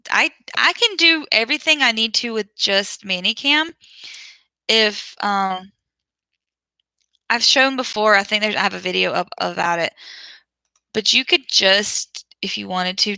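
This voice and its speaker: A woman who teaches online chats casually with her livestream viewers in a medium-pitched voice with vocal fry and a sharp tone. She often laughs or trails off while hunting around her screen, and the audio is poor, though without echo.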